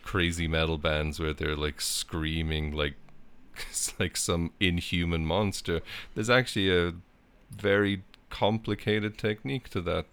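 A man with a deep voice and a gravelly, creaky edge talks through music stories. He rambles casually, stacking fillers and restarts. He sounds relaxed, like he's chatting on a podcast. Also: measured pace, few pauses. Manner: rambling, storytelling, many fillers. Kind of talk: casual chat about music.

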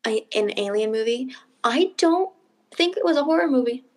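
Young woman, podcast co-host, casual chat, animated storyteller who acts out her quotes, on the higher side. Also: moderate pace. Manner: animated storytelling, acting out quotes with big pitch jumps.

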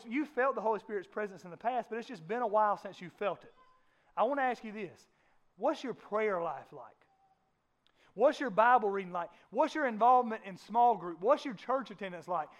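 A man's voice: sits high, a bit bright. A man preaching a sermon as pastor, with an impassioned delivery that rises and falls, sometimes acting out voices in a casual way.

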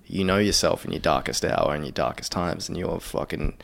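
A man's voice: a bass voice, brisk, vocal fry. A man in casual podcast chat, swearing freely and laughing often. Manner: swearing, laughing a lot, animated.

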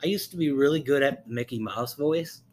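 A man's voice: mid-range voice, moderate pace, a little mellow. A young man co-hosting a podcast in casual chat, rambling with lots of fillers and swearing. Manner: rambling, profane, many fillers. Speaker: podcast co-host.

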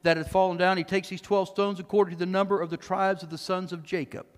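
A male pastor preaching a sermon emphatically, swinging between loud, high bursts and low, quiet asides, sometimes mocking as he acts out quoted speech. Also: little pitch movement, fast talker. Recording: long reverb of a church hall.

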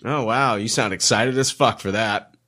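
A man's voice: on the low side, moderate pace, sharp tone. A man hosting a podcast, teasing a guest in profane, mock-indignant banter and laughing often. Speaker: podcast host.

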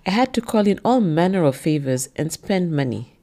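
A woman voicing a controlling, jealous man who speaks flat and cold, then bursts into shouts. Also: fairly low pitch, moderate pace. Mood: contemptuous.

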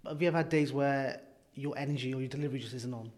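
A man's voice: medium pitch, rapid-fire, a little mellow. A man hosting a podcast, asking questions and dropping short encouraging interjections in casual chat. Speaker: podcast host.

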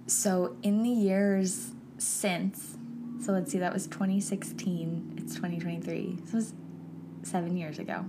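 A woman hosting a podcast who tells a personal story in a casual, emotional and animated way, talking straight to her listeners. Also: lowish voice, slight background noise. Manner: emotional and animated, addresses listeners as "you guys"; casual and chatty, with frequent "like" fillers. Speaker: podcast host.

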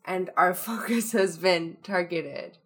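A woman's voice: on the low side, slow pace. A woman co-hosting a casual podcast, chatting and laughing easily with fillers between thoughts. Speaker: podcast co-host.

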